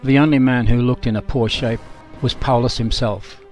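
A man narrating a historical documentary, reading a first-person memoir in a measured, sober way. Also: medium pitch, fairly even intonation, darkish tone, faint music behind.

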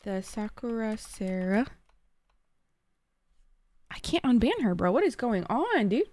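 A woman's voice: on the high side, sing-song, a little slow, long pauses, a little mellow, no echo. A woman streamer chatting to her viewers, flustered and swearing often. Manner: flustered, swearing, talks to chat. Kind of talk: casual live-stream chat.

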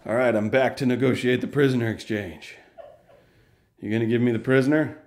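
A man's voice: mid-range voice, steady tone, fairly quick, darkish tone, slight background noise, voice pushed down, lightly acted. Casting: a man putting on a patient, mild-mannered lawyer in a home skit, plain mid voice in an echoey room. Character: mild-mannered male lawyer negotiating a prisoner swap.

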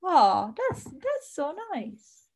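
An Italian woman teaching her language on a live stream, animated and chatty, reading out viewer comments. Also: high-pitched, very slow. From Italy.

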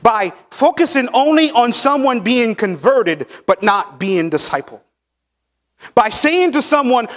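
A man preaching a sermon as pastor, teaching emphatically and pausing on key words, recorded in a church sanctuary. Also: high voice, sing-song, a bit bright. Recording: long church hall reverb.

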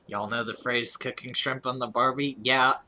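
A man's voice: medium pitch, sharp tone. A man with a rural American accent, chatting casually and self-deprecatingly with his audience as he streams a game, often restarting his words. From United States. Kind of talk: casual chat while gaming.

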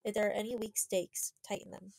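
A woman's voice: medium pitch, steady tone, fairly quick, creaky, darkish tone, poor audio. A woman reading the part of a brave fourteen-year-old girl who urgently gives orders.

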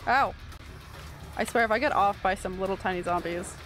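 A woman from Canada streaming a shooter game live, chatting casually, swearing and reacting loudly to the action. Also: mid-range voice, fairly quick, slight background noise.

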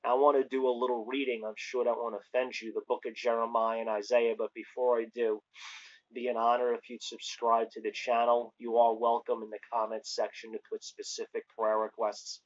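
A man preaching on a lo-fi recording that sounds dull and muffled. His voice sits at an ordinary pitch and stays fairly flat, and he moves between casual joking asides and fervent calls of praise. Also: a little fast. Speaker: online preacher. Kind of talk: casual preaching with scripture reading.

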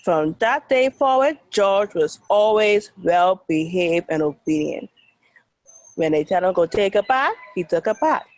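A woman's voice: medium pitch, animated, unhurried, no room sound, poor audio. A Bahamian woman, a teacher, telling a dramatic story to children with sound effects and then asking questions.

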